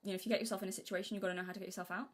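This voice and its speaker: A young woman from Britain chats on a live stream at a quick clip. Her sentences tumble out full of restarts and asides, and her voice sits at an ordinary middle pitch. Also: flat delivery. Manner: rambling, self-interrupting, acts out childhood quotes in a high voice. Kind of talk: casual live-stream chat.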